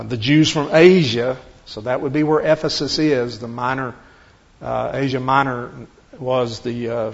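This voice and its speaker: A man's voice: mid-range voice, creaky. A man leading a conversational Bible study, explaining step by step and asking rhetorical questions. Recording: dull lo-fi recording.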